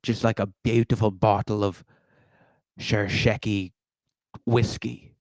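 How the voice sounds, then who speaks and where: A boastful Irishman with a put-on brogue who stretches out his words like a salesman, as a man hams it up. His voice sits on the low side. The sound is dry and close. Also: level tone, slow, darkish tone, no room sound. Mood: hammy boastful. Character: exaggerated Irish man hawking whiskey.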